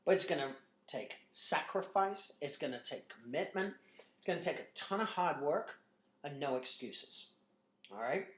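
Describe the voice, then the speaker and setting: A man in his thirties, a gym owner and trainer, giving a blunt, energetic motivational talk to a group full of "you know" fillers. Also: on the high side, normal speed. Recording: echoey room.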